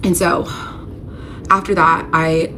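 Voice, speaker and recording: Speaking slowly in a low voice with a level tone, a woman opens up in a confessional vlog about her marriage. She's frank and emotional, says "like" constantly, and tears up at points. The background is noisy.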